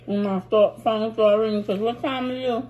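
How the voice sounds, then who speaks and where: A woman's voice: on the high side, fairly even intonation, normal speed, phone-quality sound, slight background noise. A woman co-hosting a casual mukbang podcast in a laid-back, sassy drawl. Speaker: podcast co-host. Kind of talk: casual chat during a mukbang.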